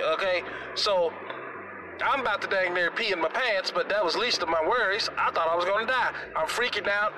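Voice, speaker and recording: High-voiced man telling a comic story. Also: noisy background. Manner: animated, exaggerated, slangy. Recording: music playing under the voice.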